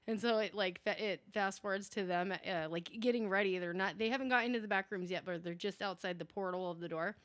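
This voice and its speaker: A woman's voice: mid-range voice, fast, few pauses, fairly bright tone. A woman casually recapping a movie in a chatty, rambling way, full of fillers. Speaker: movie reviewer.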